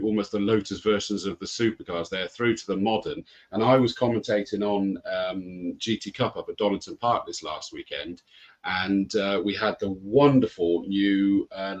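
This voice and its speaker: A man's voice: on the low side, moderate pace, highs cut off. A man hosting a motorsport chat show, talking about cars in a casual, enthusiastic way. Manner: enthusiastic, chatty. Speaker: host and motorsport commentator.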